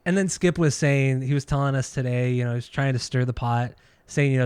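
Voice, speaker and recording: A man's voice: medium pitch, steady tone, fairly quick, hardly any pauses, a little mellow, clear, resonant tone, no room sound. A man co-hosting a casual music podcast, talking in a blunt, opinionated way and swearing freely. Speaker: podcast co-host. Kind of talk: casual chat about music and records.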